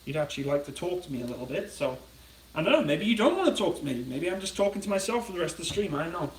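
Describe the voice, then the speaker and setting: A man's voice: a little high, sing-song, racing, distant mic, a little hiss or hum. Chatty British man in an echoey kitchen. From Britain. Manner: rambling, chatty, reads viewer comments aloud. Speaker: cooking livestreamer. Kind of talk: casual livestream chat while cooking. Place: home kitchen.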